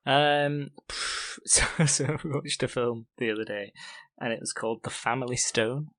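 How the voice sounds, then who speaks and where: A man's voice: mid-range voice, a little slow, a bit bright, no echo, studio quality. A man co-hosting a podcast, rambling chattily with plenty of laughs. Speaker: podcast co-host. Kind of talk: casual chat.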